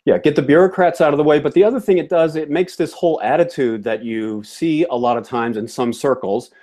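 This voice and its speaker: A man's voice: on the high side, fairly quick, mellow. Opinionated man chatting on a show. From Georgia, US South. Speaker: co-host of an appliance repair show. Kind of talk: casual chat.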